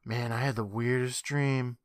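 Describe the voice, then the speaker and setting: A man's voice: medium pitch, fairly even intonation, measured pace, no echo, clean studio sound, natural voice. A man playing a scared young girl.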